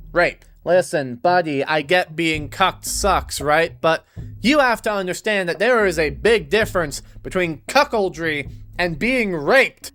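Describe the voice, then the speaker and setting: A man's voice: a little high, fairly bright tone. A man reading scripted video narration, breaking in with sarcastic, mocking asides.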